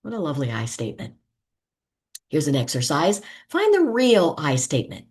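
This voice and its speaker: A woman speaking at a conference, teaching relationship skills in a gentle instructional talk and acting out example lines. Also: medium pitch, moderate pace, pauses often. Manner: gentle, animated delivery that acts out example lines.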